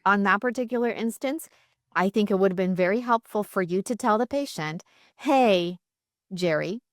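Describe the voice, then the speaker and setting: A woman's voice: mid-range voice, a little fast, no echo. Female dentist co-host, direct and coaching, dry close recording. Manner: direct, advising, cuts in with pointed suggestions. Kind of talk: casual podcast chat.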